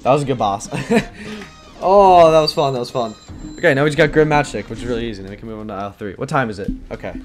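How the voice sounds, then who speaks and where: Lively guy rambling through his gameplay, yells when it gets tense, faint game music behind. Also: medium pitch, rapid-fire. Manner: excitable, yells when stressed; rambling, filler-heavy. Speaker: gaming YouTuber. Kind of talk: live gameplay commentary.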